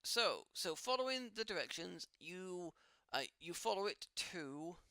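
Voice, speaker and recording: A man narrating as game master in a tabletop game, halting with many fillers and restarts. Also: sits high, animated, bright, forceful tone, no echo, clean studio sound.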